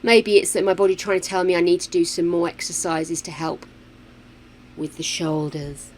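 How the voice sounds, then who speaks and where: A woman's voice: lowish voice, flat delivery, moderate pace, slight background noise. A woman, chatting casually while streaming a game at home, playful and full of exclamations. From United Kingdom. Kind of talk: casual gameplay chat. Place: home room with a fan running.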